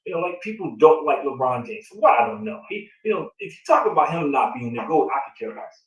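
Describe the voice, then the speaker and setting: A man speaking, his voice a touch high, talking with energy and piling up rhetorical questions. He sits back from the microphone, and the room rings around him. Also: a little fast, recorded from a distance. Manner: animated, repetitive, rhetorical questions. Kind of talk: casual conversation. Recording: roomy sound from off the mic.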